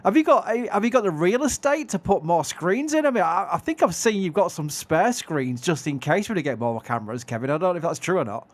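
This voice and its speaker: A man's voice: high-pitched, very animated, brisk, few pauses. A man with a Yorkshire accent chatting casually and self-deprecatingly as a livestream co-host. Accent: Yorkshire English. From England. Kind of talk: casual live-stream chat.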